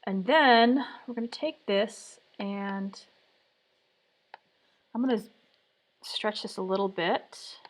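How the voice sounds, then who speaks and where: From her home workspace, a woman streams design work live, muttering and thinking aloud through round after round of trial and error. She speaks slowly in a mid-range voice and pauses often.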